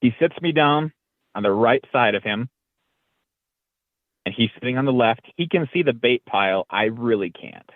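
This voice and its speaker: A man's voice: medium pitch, normal speed, pauses often, no room sound. A man, a podcast guest, telling a story in a casual way and acting out the lines he quotes. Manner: lively retelling that acts out quoted lines. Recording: dry, tinny phone-like line.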